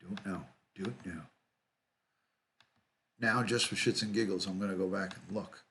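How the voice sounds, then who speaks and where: A middle-aged man hosts a casual livestream, reading comments aloud and greeting viewers by name. His voice sits a little low, and he talks in an easygoing way, often saying things twice. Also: unhurried, slight background noise. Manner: relaxed, repeats himself, greets viewers by name. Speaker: livestream host, retired detective.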